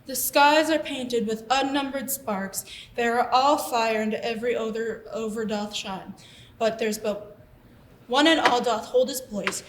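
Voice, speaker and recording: A woman's voice: on the high side, echoey room, background noise, close to an everyday voice. A woman playing a hammy stuffed-animal Julius Caesar, declaiming in mock-Shakespearean style for stage comedy.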